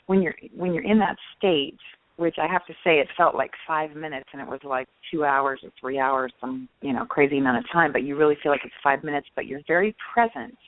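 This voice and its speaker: A woman guest telling her own story in an interview, chatty and animated, full of "like" and "you know". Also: sits low, no room sound. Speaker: guest, past-life regression client. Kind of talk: personal storytelling in a phone interview. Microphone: telephone. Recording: tinny phone line.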